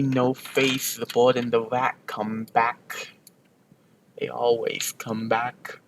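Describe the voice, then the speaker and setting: A man talking slowly and loosely over his gameplay, stringing thoughts together with fillers and restarts. His pitch sits in an ordinary middle range, with a faint hiss of background noise on the recording. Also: rough recording. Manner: rambling, lots of fillers and restarts. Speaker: let's play gamer. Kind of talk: casual rambling recap over gameplay.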